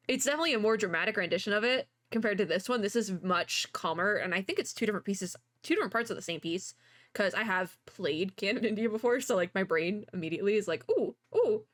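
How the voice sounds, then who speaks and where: A young woman giving casual reaction commentary as a VTuber, gushing and excitable, talking to herself as she watches. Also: medium pitch, dry recording, clean studio sound. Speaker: VTuber reacting to an animated short.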